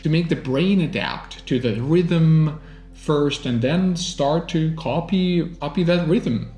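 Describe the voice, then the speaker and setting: A man's voice: on the high side, a little mellow, echoey room. A man from Russia with an American accent, a native Russian speaker, teaching English in an earnest, encouraging monologue. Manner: earnest, encouraging, deliberate phrasing.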